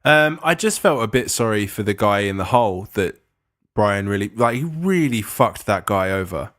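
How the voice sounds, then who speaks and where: A man's voice: on the low side, animated, normal speed, fairly bright tone. A man co-hosting a casual movie podcast, talking loosely and swearing often. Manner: loose, swears a lot, chuckles between jokes. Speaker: podcast co-host. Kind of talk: casual chat.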